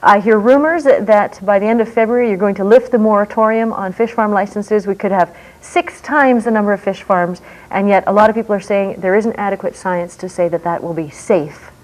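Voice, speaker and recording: A woman hosting a talk show who moderates a panel briskly, challenging the guests and cutting in. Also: medium pitch, darkish tone, low-quality recording.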